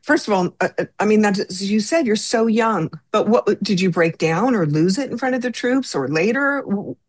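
A woman's voice: mid-range voice, normal speed, no room sound. A woman hosting an interview, asking questions in an effusive, stammering, sympathetic way. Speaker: interviewer host.

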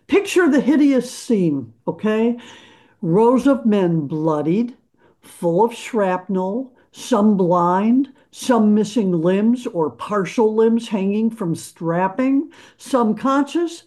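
A woman's voice: fairly high pitch, darkish tone. An older woman, a musician, earnestly recounting a painful memory in an interview. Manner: earnest, emotional, deliberate recounting. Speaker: musician guest. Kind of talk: personal storytelling interview.

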